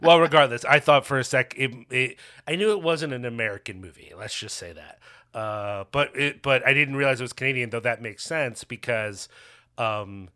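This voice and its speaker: A man co-hosting a movie podcast with a bright, forward voice. He rambles, often restarting his sentences mid-thought, and swears casually as he chats. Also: mid-range voice, moderate pace, smooth. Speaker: podcast co-host.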